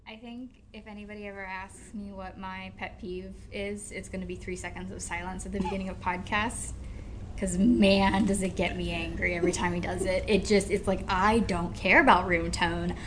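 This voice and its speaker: A woman's voice: mid-range voice, fairly even intonation, moderate pace, slight background noise. A woman hosting a podcast in a casual, rambling, self-mocking way, tired after a night without sleep, recorded at a venue during sound check. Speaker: podcast host.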